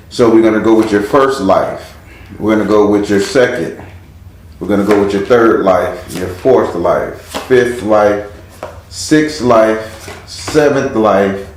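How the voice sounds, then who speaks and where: A man giving a casual spiritual tarot reading in a relaxed way, chanting words over and over as he reads the cards. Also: lowish voice, slight background noise. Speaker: tarot card reader. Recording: very echoey room.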